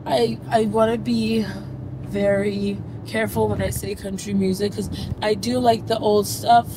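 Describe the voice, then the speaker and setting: A woman's voice: mid-range voice, level tone, measured pace. A young woman, a passenger, chatting casually, saying "like" a lot and laughing easily. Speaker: passenger and guest. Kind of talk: casual chat. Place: inside a car. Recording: noisy car interior.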